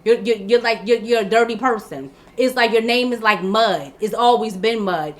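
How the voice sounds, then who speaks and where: A woman's voice: a little high, normal speed. A woman hosting her own channel, giving blunt, exasperated political commentary in casual talk, with many restarts and repeated words. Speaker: vlog host.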